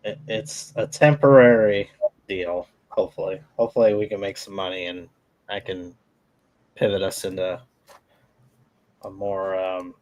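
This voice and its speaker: A man's voice: low voice, fairly even intonation, unhurried, pauses often, rough recording. A man co-hosting a live trading stream who chats casually in an agreeable, apologetic way. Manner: agreeable, apologetic, quiet interjections.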